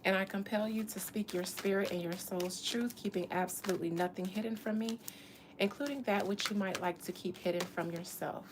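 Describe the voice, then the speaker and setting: A woman's voice: medium pitch, fairly even intonation, fairly quick, background noise. A woman from Florida doing a loose, profane psychic reading in casual livestream chat from a hot room in an old house. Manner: loud, laughing, profane banter. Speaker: psychic reader.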